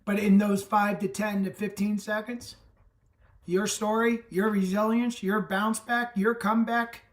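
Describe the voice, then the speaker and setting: A man's voice: high voice, level tone, measured pace. A man hosting a live online summit, talking with emphatic, enthusiastic encouragement over a video call. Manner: enthusiastic, emphatic pep talk. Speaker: summit host. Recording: echoey room, distant from the mic.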